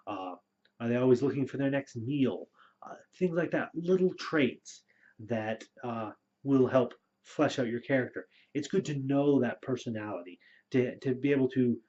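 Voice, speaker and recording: Casual male storyteller, mid pitch, lo-fi muffled sound, chatty and filler-heavy. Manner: relaxed, rambling with frequent fillers. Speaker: storyteller and game master. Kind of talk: casual spoken advice video. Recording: dull lo-fi recording.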